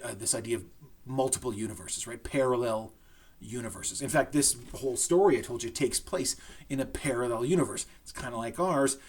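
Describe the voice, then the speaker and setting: Middle-aged man, husky voice, casual English teacher talking through a lesson with frequent check-ins. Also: medium pitch. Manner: conversational, with frequent "right?" check-ins and restarts. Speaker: high school English teacher. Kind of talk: recorded lesson to students.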